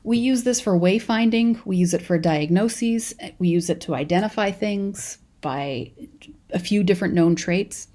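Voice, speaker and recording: A woman's voice: mid-range voice, measured pace, dark tone. A young adult woman from California with a Californian accent, teaching a college lecture in a chatty storytelling way with frequent restarts. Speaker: college professor. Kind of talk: recorded lecture.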